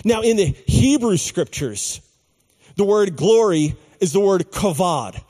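A man preaching a sermon, slow and emphatic, with dramatic pauses on key words. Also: high-pitched, expressive, dark tone, in a large hall. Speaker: pastor.

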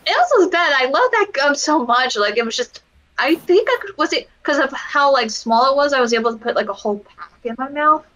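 High bright-voiced woman rambling on a podcast, lots of "like"s, gets giggly. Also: expressive, brisk, poor audio. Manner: rambling, giggly, full of fillers. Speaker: podcast co-host. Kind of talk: casual chat reviewing wrestling.

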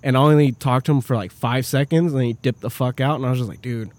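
A man telling stories as a podcast guest in a casual, animated way, swearing freely as he talks. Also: mid-range voice, fast talker. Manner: profane, animated storytelling. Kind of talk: casual chat.

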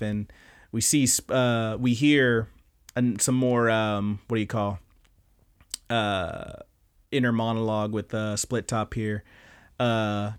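A man hosting a podcast, casually recapping anime episodes in a rambling, profane way with many restarts. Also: mid-range voice. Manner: rambling, profane, self-interrupting. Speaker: podcast host.

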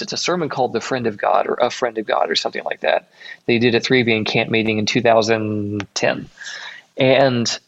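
A man's voice: medium pitch, moderate pace, gravelly. A young man from Illinois telling a rambling personal story in a casual way, correcting himself often along the way. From Illinois, USA. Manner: rambling, self-correcting, acts out quoted voices. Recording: dull lo-fi recording.

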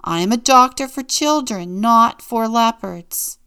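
A woman reading aloud and voicing a stern, indignant male pediatrician with a loud, commanding delivery. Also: on the high side, expressive, measured pace, clean tone, voice pushed up, heavily acted.

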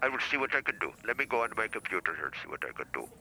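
A man playing a bright, deadpan phone support agent. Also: on the low side, very fast, vocal fry, exaggerated voice, poor audio. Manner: deadpan, mock-polite. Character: sarcastic male tech support agent.

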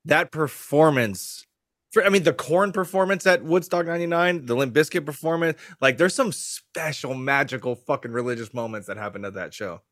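Thirties guy from Florida, slightly high voice, excitable, swears a lot. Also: normal speed, no echo, clean studio sound. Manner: excitable, profane. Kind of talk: casual chat.

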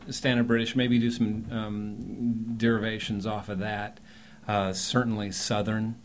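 A man's voice: fairly low pitch, flat delivery, a little slow. A man, an acting teacher talking in a chatty, rambling way with emphatic bursts during a podcast conversation.

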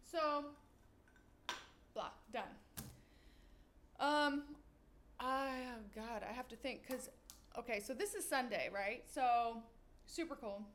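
A woman's voice: on the high side, takes it slowly, long pauses. A young woman hosting her own podcast, chatting casually while walking around her kitchen, swearing freely and acting out what she and others said. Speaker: podcast host. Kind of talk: casual solo podcast chat.

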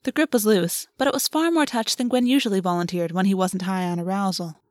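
A woman narrating a novel in an even, measured audiobook reading. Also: medium pitch, no room sound, studio quality. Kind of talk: scripted narration.

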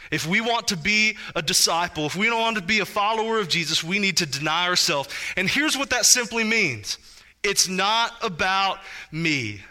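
A man, a pastor preaching a sermon in an animated, conversational way, with asides to his congregation. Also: sits high.

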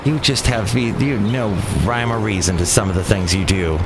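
Rambling Californian podcast host. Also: male voice, fairly low pitch, moderate pace. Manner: chatty, wry, rambling. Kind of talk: casual rambling monologue. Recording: traffic noise in background.

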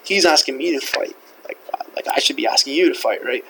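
A man's voice: mid-range voice, lively intonation, quick pace, creaky, noisy background. A young man whose first language is French, hosting a podcast and telling a rambling, profane story full of fillers. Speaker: podcast host. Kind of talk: casual storytelling.

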